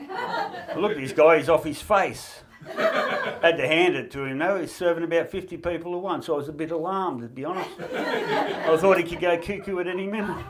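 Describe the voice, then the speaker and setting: A man's voice: on the high side, very animated, normal speed, noisy background. An Australian man doing a stand-up comedy routine, reeling off puns and laughing at his own jokes.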